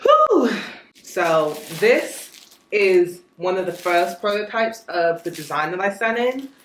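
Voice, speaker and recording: A woman's voice: on the low side, slow, a little hiss or hum. A young woman, chatting casually to viewers in a vlog and calling them y'all. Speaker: vlogger. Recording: roomy echo.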